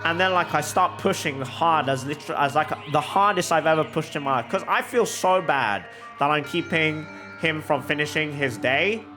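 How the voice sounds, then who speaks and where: A young man streaming a game, telling a long embarrassing story in an animated, exaggerated comic way. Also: fairly high pitch, moderate pace, music in the background. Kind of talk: casual storytelling while gaming.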